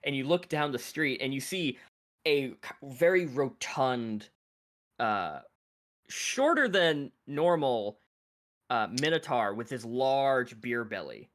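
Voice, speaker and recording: A man narrating a tabletop game as game master, halting with many fillers. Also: mid-range voice, expressive, fairly bright tone.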